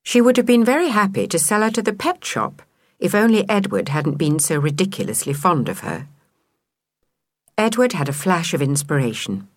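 A woman reading a children's storybook aloud, expressive and measured, with a lower voice that rises and falls widely. The sound is dry and close with no room around it. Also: dry recording. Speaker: narrator.

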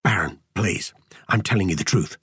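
A man's voice: deep voice, normal speed, bright, forceful tone, breathy edge, dry recording, studio quality, heavily acted. A man voicing an anxious, earnest young male servant in an audiobook, pleading and insistent.

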